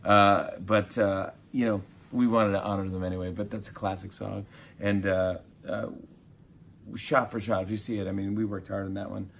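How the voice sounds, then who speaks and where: Man, low gravelly voice, animated storyteller, casual interview chat, faint rumble behind. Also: moderate pace. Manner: animated storyteller acting out quotes, laughing. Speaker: talk show host being interviewed.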